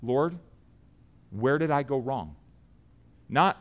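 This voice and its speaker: A middle-aged man preaching a sermon, earnest and building to loud emphatic peaks. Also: medium pitch, lively intonation, takes it slowly, pauses often, smooth.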